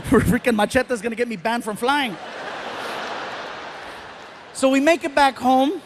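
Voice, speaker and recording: A man's voice: very high-pitched, measured pace, long pauses, a little hiss or hum. A man telling a stand-up comedy story on a theater stage, acting out the people in it. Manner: animated, acts out voices of people in his stories. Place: large theater stage with live audience.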